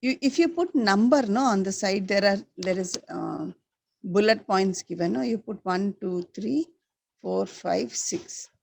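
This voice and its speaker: A woman teaching a school class, slowly repeating the key words for her students. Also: medium pitch, expressive, creaky, a little mellow, dry recording. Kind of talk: classroom lesson.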